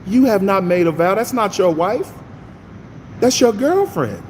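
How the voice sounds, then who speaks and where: A man's voice: high-pitched, unhurried, in a large hall, a little hiss or hum. A middle-aged man, hosting a morning Bible reading stream in a casual, folksy preaching style and greeting his viewers by name. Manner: folksy, animated, talks to his chat by name.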